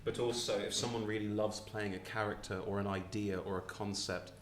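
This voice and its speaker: A man's voice: lowish voice, level tone, fairly quick, roomy sound, a little hiss or hum. A British man, the dungeon master, hosting a loose, chatty live question-and-answer session on stage in a small theatre. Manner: chatty, loose, laughing often.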